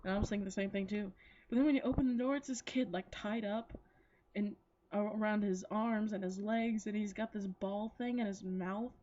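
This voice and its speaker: A woman's voice: mid-range voice, steady tone, normal speed, mellow, muffled recording. Rambling giggly woman retelling a story. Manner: rambling, giggly, swears freely, many likes and restarts. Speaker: anime reviewer. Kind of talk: casual chatty plot retelling.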